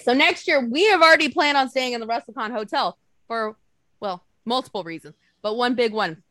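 A woman co-hosting a casual chat, telling lively stories, swearing freely and acting out quotes. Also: a little high, dry recording, studio quality. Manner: animated storytelling, swears freely, acts out quotes. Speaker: podcast co-host.

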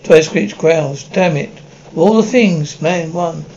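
A man's voice: fairly high pitch, slow, a little mellow, muffled recording, slight background noise. A man reading an anime episode script aloud. He reads the stage directions and all the parts in one plain voice and often stumbles over words. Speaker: script reader.

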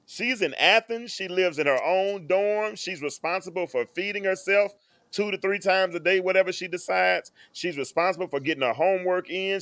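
A man's voice: a little high, fairly bright tone, no room sound, studio quality. A man in his forties hosting a casual live stream, talking earnestly to his audience and repeating phrases as he builds each point. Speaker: host.

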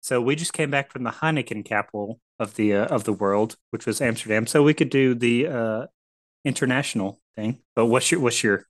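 Teasing laid-back podcast co-host. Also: male voice, mid-range voice, fairly quick, no echo. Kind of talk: casual chat.

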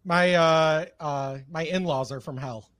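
A man's voice: fairly high pitch, a bit bright, dry recording. Laughing Michigan man, dry sound. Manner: laughs often, halting with fillers. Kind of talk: casual chat.

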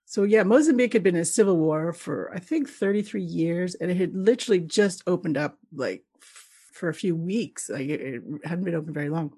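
In a casual interview, this Canadian woman of middle age recounts her travels, mimicking the people she met and laughing often with lively spirit. She talks briskly in a lowish, slightly rough voice.

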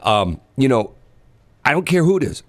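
A man's voice: mid-range voice, very animated, normal speed, dry recording. A middle-aged man co-hosting a talk show, rambling and joking, often repeating himself as he tells stories. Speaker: radio co-host. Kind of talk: casual banter on air.

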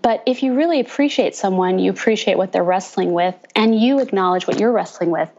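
A woman pastor and author talking in a casual interview, telling stories with lively mimicry of the people she quotes. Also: medium pitch, brisk, lo-fi sound, a little hiss or hum. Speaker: pastor and author, podcast guest.

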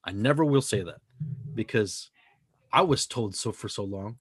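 A man's voice: on the low side, expressive, normal speed, slightly rough, no echo, studio quality. A man co-hosting a podcast, talking in a casual, profane, emphatic way that rambles from point to point. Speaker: podcast co-host.

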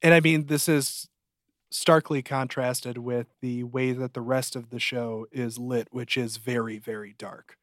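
A male podcast co-host in casual, joking chat, recorded close and dry with no room sound. His voice is mid-pitched and springs upward when he gets excited. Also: unhurried, no echo. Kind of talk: casual chat reviewing a TV show.

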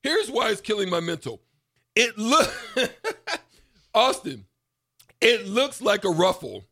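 Laughy guy co-hosting a radio show, voice jumps all over, high pitch. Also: takes it slowly. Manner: animated, laughs often, playful protests. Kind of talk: casual chat.

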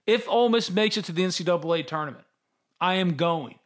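High-voiced joking sports podcast host. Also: male voice. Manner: animated, joking, quick to tease. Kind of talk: casual sports talk.

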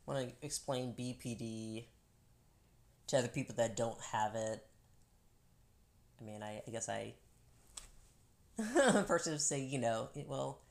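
Very low-voiced woman in casual chat. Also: animated, unhurried, long pauses. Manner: candid, laughs often, many restarts.

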